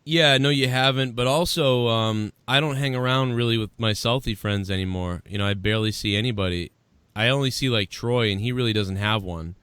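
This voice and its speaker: A man from the Boston area with a softened Boston accent, hosting a live show in loose, profane, rambling chat. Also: medium pitch, a little fast, clear, resonant tone, no room sound. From Boston area, USA. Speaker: podcast host.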